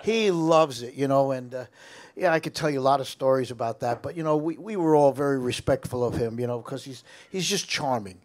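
An older American man telling stories from his music career in a casual interview, animated, laughing, with frequent restarts. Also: mid-range voice, fairly quick.

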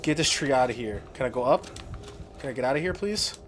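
A young man hosting a horror game playthrough talks a little fast in an animated, fairly bright mid-range voice, with slight hiss or hum on the recording. His let's-play commentary is casual, jumpy and talkative, with frequent exclamations.

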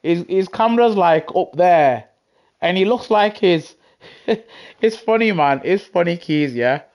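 A man's voice: sits high, lively intonation, a little slow, darkish tone. A man with a British accent chatting casually to his live chat while racing, rambling and chuckling as he talks into a gaming headset. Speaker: live-streaming sim racer. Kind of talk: casual live-stream chat over gameplay.

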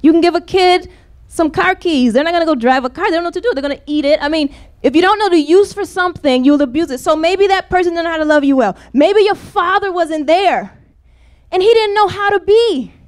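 A woman gives a passionate church sermon in a strikingly high voice. She presses her points by circling back to the same refrains again and again. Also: brisk. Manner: impassioned, repeating refrains. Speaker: preacher.

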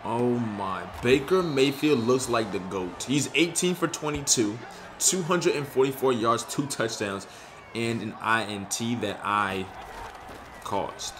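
A young man talks through his own video game in loose, slangy commentary. He gets excited over big plays and frustrated when things go badly. Faint background noise sits under his mid-pitched voice. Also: a little slow. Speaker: gaming YouTuber. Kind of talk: casual gameplay commentary.

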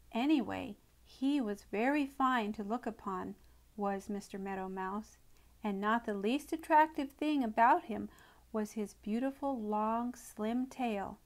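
A woman gently reading a children's storybook aloud in an expressive, unhurried way. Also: mid-range voice. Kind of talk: storybook read-aloud narration.

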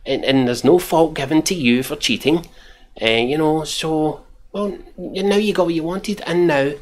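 A man's voice: on the high side, fairly quick, slight background noise. A Scottish man giving mocking, profane reaction commentary while reading out tweets. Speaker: commentary channel host.

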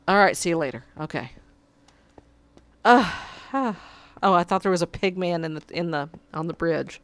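A woman's voice: lowish voice, moderate pace. A woman giving casual gameplay commentary, muttering to herself and pleading with her cat at her desk. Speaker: gamer.

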